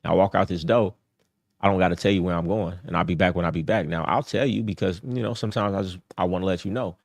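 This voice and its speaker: A man's voice: low voice, fairly even intonation, fast, gravelly. A middle-aged man hosting a dating-advice livestream, talking casually in a blunt, profane, repetitive streetwise way.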